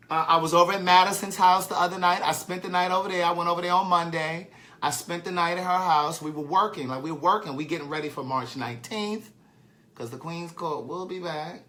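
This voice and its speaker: A man's voice: on the high side, bright, forceful tone. A man telling a funny personal story in a casual, swearing monologue on a live stream, laughing at himself as he goes. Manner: chatty, swearing, laughing at his own story.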